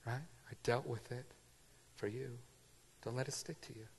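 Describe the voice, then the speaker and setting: A man preaching a sermon in a casual, conversational way, moving from loud emphasis to quiet asides. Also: medium pitch, fairly even intonation, moderate pace, vocal fry, big-room sound, slight background noise. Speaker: pastor.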